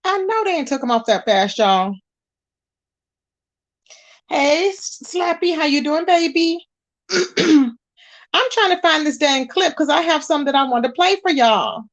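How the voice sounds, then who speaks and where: A woman's voice: high-pitched, animated, unhurried, long pauses. A woman hosting a casual livestream, greeting viewers and chatting while she searches her screen. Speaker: livestream host.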